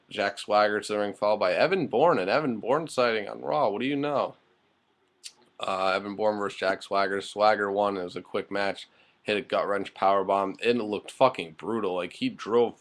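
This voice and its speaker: A man's voice: fairly low pitch, fairly even intonation, normal speed. A man giving a casual, rambling spoken recap of a wrestling show, full of fillers and offhand, blunt remarks.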